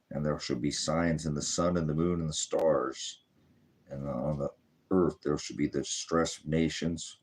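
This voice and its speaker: A man's voice: rumbling low, a little mellow, slightly rough. A man preaching casually on a livestream from his living room, rambling and unscripted. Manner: casual, rambling, breaks off to coax pets. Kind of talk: livestreamed sermon. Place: home living room by a fireplace. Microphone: streaming device.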